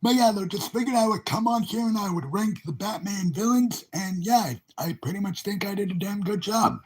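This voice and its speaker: Brief: man hosting a loose live stream, high-pitched, raspy, repeats himself cheerfully. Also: animated, a little fast. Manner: rambling, repetitive, upbeat filler exclamations. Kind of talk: casual livestream chat.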